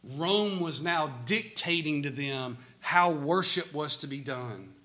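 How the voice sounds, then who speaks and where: A man with a Southern American accent preaching a sermon, slow and emphatic, his voice swelling loud on key words. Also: fairly high pitch, animated.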